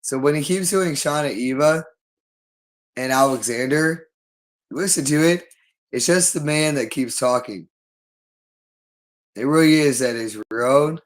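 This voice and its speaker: A man's voice: on the high side, a little slow, long pauses, rough recording. A man talking alone on a livestream, repeating himself insistently. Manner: repetitive and insistent. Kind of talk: unscripted livestream monologue.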